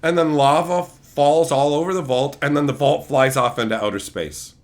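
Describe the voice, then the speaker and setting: A man's voice: mid-range voice, expressive, brisk. A young man streamer ranting in a sarcastic, profane, mocking way. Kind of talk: ranting commentary.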